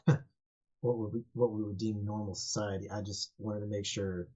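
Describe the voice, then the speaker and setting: A man playing a tabletop game, speaking in character with measured, hesitant speech. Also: lowish voice, level tone, mellow, husky, muffled recording. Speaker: player. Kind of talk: tabletop role-play in character.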